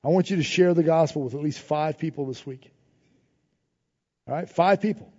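Male pastor, sermon, high mellow voice, casual phrasing, call-and-response refrains, reverberant hall. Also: normal speed, muffled recording. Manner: preaching with rising emphasis, repeated refrains and call-and-response; informal phrasing, dropping to soft prayerful tones.

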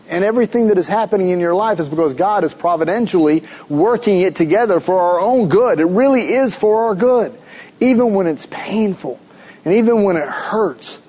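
High-voiced pastor preaching. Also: male voice, a little mellow, lo-fi sound. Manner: preaching with rhetorical questions, pressing and emphatic. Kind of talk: sermon.

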